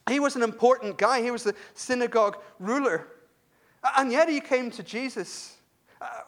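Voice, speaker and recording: High-voiced preacher. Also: male voice. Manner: conversational, repeats words, self-deprecating asides. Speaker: university lecturer. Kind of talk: sermon.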